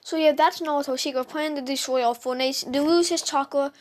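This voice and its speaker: A woman's voice: high voice, fairly quick, noisy background. A woman casually retelling a fan story to her viewers, hesitant and full of "um"s and restarts, chatting straight at the audience.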